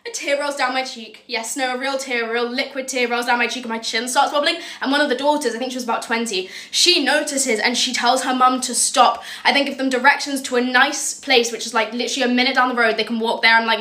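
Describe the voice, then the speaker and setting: Young woman, fast, bright and a touch high, deadpan sweary storyteller. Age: young adult. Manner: sweary, deadpan comic storytelling with frequent "right?". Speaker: content creator. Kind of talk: casual storytime monologue.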